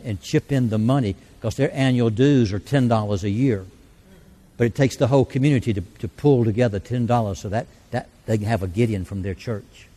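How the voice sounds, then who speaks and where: A man's voice: mid-range voice, dark tone. A man giving an earnest, folksy sermon in a church service, leading a prayer and telling mission stories. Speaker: church speaker.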